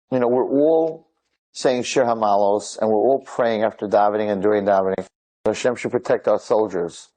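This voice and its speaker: Animated man retelling dramatic stories. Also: fairly low pitch, low-quality recording. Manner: animated, acts out quoted dialogue, frequent asides.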